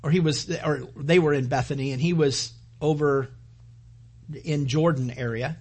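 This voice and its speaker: A man's voice: fairly high pitch, moderate pace, a little mellow. A man preaching a sermon, retelling scripture in a conversational storytelling way and acting out quoted lines. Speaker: pastor.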